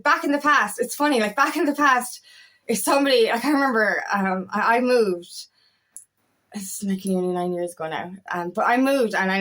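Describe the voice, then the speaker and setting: A woman coach talks straight to camera in a casual motivational monologue, her voice sitting fairly high. She is blunt, swears freely and circles back over her words as she goes. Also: fairly bright tone. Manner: frank, swears freely, repeats herself. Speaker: feminine empowerment coach.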